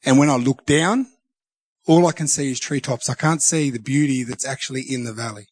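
A man sharing a personal devotional reflection, earnest and halting, often restarting his sentences. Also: mid-range voice, husky, no room sound. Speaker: Christian speaker sharing a devotional.

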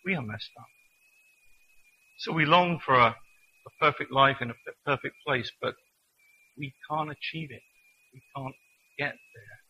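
A man preaching a sermon in an earnest manner, reading scripture slowly and deliberately. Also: medium pitch, dull audio, slight background noise.

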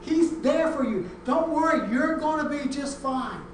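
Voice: sits high, lively intonation, measured pace, slight background noise, voice pushed up. A preacher playing a sleepy, soothing father. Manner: soothing, reassuring. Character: sleepy, gentle father soothing his child. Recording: echoey room, mic far off.

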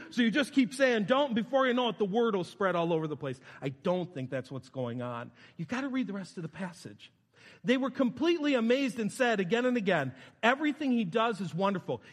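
Male pastor, high voice, casual storytelling sermon, long hall reverb. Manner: conversational, storytelling with quoted voices.

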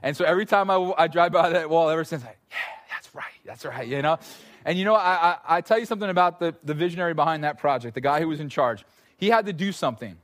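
A male pastor preaches at an evening church service, his voice sitting a touch high for a man. He talks to the congregation like friends, spinning animated, casual stories with playful little asides. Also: fast talker. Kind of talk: sermon.

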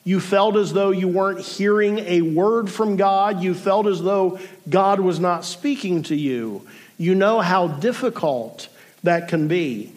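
High-voiced pastor preaching earnestly. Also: male voice. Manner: earnest, measured preaching with pauses and asides. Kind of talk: sermon.

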